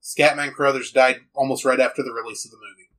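A man co-hosting a podcast, chatting casually and rambling with quick asides and restarts. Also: medium pitch, steady tone, pushed and bright, low-quality recording. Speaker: podcast co-host. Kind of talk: casual chat.

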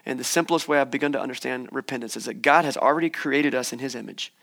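A man's voice: mid-range voice, fast talker, gravelly, a bit bright. A young man preaching a sermon in church, conversational and encouraging, with playful asides. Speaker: pastor. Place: church hall.

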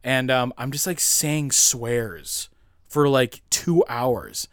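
A young man in his twenties talks casually as a podcast co-host, rambling through stories with filler words and easy laughter. His voice sits at a middle pitch. The sound is close and dry. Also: lively intonation, takes it slowly, no room sound. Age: 20s.

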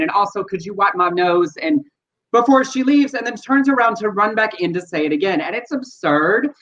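A man's voice: high voice, a bit bright. A man co-hosting a casual news chat show, explaining his views earnestly and at length. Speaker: podcast co-host. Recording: dull lo-fi sound.

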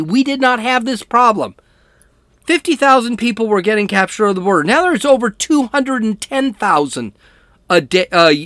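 A man delivers opinionated political commentary as a show host, blunt and combative, with sarcasm. His pitch swings widely from line to line, and the sound is dry, with no room in it. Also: fairly bright tone, dry recording.

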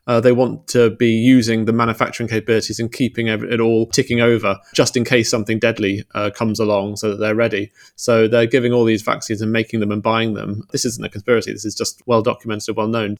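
A male news editor explains the week's stories at a mid pitch. He pauses often with small hesitations as he works through each point. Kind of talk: news roundup in conversation.

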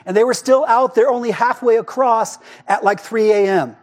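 A pastor delivers a sermon in a loose, conversational manner, peppering his points with quick rhetorical checks. His voice sits high for a man, and he sinks to a near hush when he wants a line to land. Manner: conversational preaching, frequent rhetorical "right?"; expressive, drops to a hush for emphasis.

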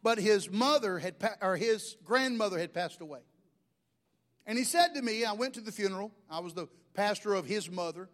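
A man's voice: high-pitched, animated, moderate pace. A middle-aged man, preaching a sermon in a folksy, joking storytelling way. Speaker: pastor.

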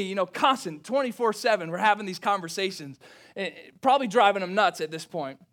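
A young male pastor tells a story from the pulpit in a high, bright, forward voice. He acts out family dialogue with big swings. He drops to hushed intensity for reflective moments. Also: fairly quick. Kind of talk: sermon storytelling.

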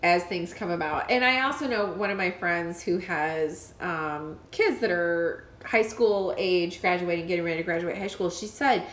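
A woman co-hosting a casual chat, telling stories in a chatty, animated way full of "like". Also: lowish voice, normal speed, hardly any pauses. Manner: chatty, animated storyteller with frequent "like". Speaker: podcast co-host. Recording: roomy echo.

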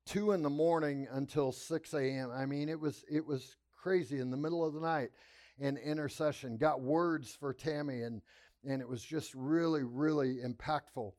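A male pastor with a fairly high voice tells his story from the pulpit. He builds drama, rising and falling as he goes. It is a lively sermon testimony. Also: moderate pace.

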